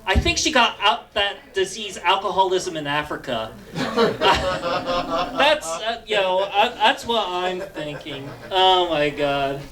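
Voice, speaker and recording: A male comedian working a room at an unhurried pace, hesitating through plenty of ums and uhs. He chuckles at his own punchlines as he goes. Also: high-pitched, expressive, over a noisy crowd. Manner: halting delivery full of fillers, laughs at his own jokes. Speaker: stand-up comedian and show host. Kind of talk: stand-up comedy.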